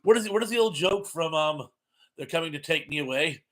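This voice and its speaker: Bright-voiced man hosting a live chat. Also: fairly high pitch, animated, a little fast. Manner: friendly and rambling, with many fillers. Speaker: live stream host. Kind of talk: casual chat reading out viewer comments.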